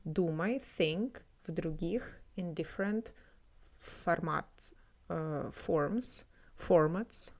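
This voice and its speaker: A woman explains words and phrases in a relaxed, teacherly way, filling her pauses with ums. Her voice sits low for a woman. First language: Russian. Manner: explanatory, many fillers. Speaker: language teacher. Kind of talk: explaining language clips.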